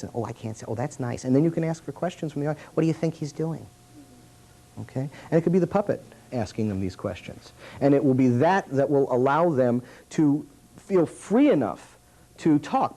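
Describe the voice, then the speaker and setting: A man teaching a puppetry workshop in an animated, demonstrative way. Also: mid-range voice, poor audio.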